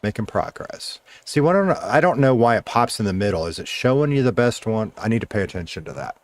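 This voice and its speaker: A man's voice: lowish voice, sing-song, quick pace, no room sound. A middle-aged man, a former radio DJ, casually chatting with viewers while streaming a game, laid-back and swearing now and then.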